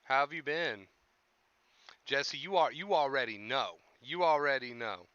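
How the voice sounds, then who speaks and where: A man's voice: mid-range voice, measured pace, pushed and bright, clear, resonant tone, no echo, highs cut off. A young man hosting a casual livestream, chatting with viewers and coaching them on anxiety, often repeating his phrases. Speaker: livestream host talking about anxiety.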